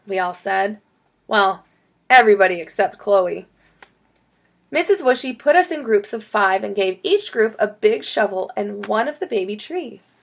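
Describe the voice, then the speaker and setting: A woman reading a children's chapter book aloud in an expressive storytelling manner. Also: mid-range voice, measured pace, gravelly. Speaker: storybook reader.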